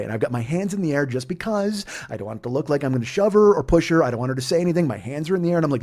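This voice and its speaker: A man's voice: mid-range voice, animated, very fast, hardly any pauses, a little mellow. A man hosting a comedy podcast, telling a story in a profane, heated ranting manner. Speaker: podcast host.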